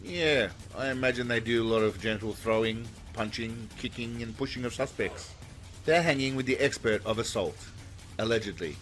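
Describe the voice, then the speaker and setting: A man doing a deadpan, sarcastic comedy voice-over that mocks the footage. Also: medium pitch, moderate pace, soft background music. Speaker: comedy narrator. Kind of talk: mocking commentary voice-over.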